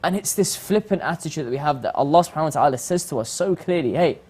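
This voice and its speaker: A man hosting a reflective religious talk, animated and acting out the voices he quotes. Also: fairly high pitch, very fast, breathy edge. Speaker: host.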